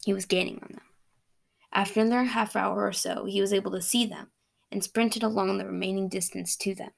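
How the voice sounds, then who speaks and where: A young woman reads her own fantasy story aloud on her podcast, steady and casual. Her voice has a noticeable gravelly fry, sitting at an ordinary middle pitch. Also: brisk.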